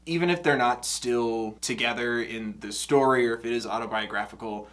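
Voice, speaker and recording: Man, casual reaction commentary, excitable, self-mocking, frequent laughs, mid-pitched voice. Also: moderate pace. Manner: shifts between soft reflective talk and loud outbursts. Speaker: music reaction host.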